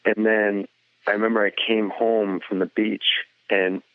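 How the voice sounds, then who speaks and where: This is a comedian in his forties with a fairly low voice who tells stories candidly and crudely, jumping quickly from one thought to the next. He is heard over a thin, phone-like line with a completely dry sound. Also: flat delivery, dry recording. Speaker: comedian guest. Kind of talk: casual interview.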